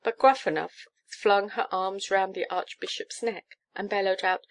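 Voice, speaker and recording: Woman, audiobook narrator, children's storybook, lively expressive reading, middle pitch. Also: measured pace, few pauses.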